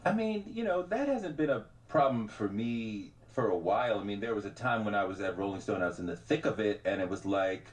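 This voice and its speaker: Animated, expressive male radio guest. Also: on the low side, brisk, few pauses. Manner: animated storyteller, voices quoted people. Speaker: podcast host and journalist guest. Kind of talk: radio interview conversation.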